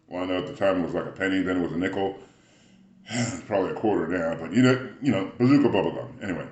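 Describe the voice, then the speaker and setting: A man giving a rambling spiritual motivational talk, often clearing his throat as he muses. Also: sits low, reverberant.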